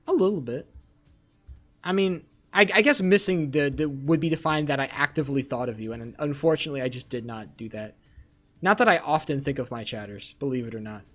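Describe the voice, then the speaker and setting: A man's voice: medium pitch, fairly quick, soft background music. A man livestreaming, telling a rambling story and teasing his chat. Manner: animated, profane, rambling storytelling.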